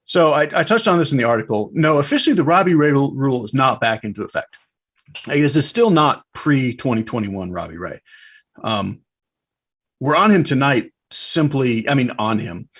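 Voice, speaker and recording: Blunt husky male sports analyst. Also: medium pitch, lively intonation, moderate pace, a bit bright. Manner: blunt, opinionated, matter-of-fact. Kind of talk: casual podcast chat.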